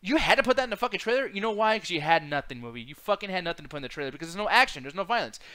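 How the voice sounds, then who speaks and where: High bright-voiced guy cohosting, cursing a lot and going off about a movie. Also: rapid-fire, clean tone. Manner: profane, ranting, animated. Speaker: podcast co-host. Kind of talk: casual movie chat.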